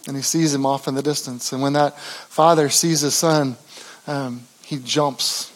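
A man preaching a sermon, telling a story in a conversational way with many fillers and restarts, dropping low and quiet for tender moments and rising for quoted speech. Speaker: pastor.

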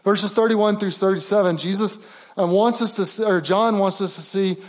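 A man's voice: high-pitched, steady tone, normal speed. A man preaching a conversational sermon, often restarting phrases and rising to emphatic declarations. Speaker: pastor.

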